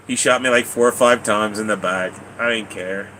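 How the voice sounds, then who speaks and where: Bright-voiced man telling rambling stories. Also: on the low side, steady tone, moderate pace, slight background noise, poor audio. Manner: rambling and repetitive, casual swearing, laughs often. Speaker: live streamer. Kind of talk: casual rambling storytelling to chat.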